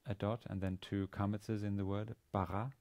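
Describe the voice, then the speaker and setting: Man, lecturer, low pitch, warm tone, hesitant, many ums and restarts. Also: level tone. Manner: halting, with many fillers and restarts. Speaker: university lecturer. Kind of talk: recorded language lesson.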